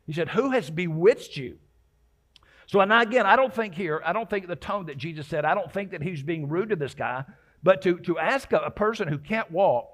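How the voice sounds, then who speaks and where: Man preaching a casual, conversational sermon. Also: fairly high pitch. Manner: conversational preaching with frequent restarts and acted-out quotes. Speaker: pastor.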